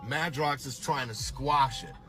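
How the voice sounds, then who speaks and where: A man telling wild road stories in a loose, profane, animated way, acting out what others said. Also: medium pitch, unhurried, soft background music. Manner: profane, animated retelling with acted quotes. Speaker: podcast host telling stories. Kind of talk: casual storytelling.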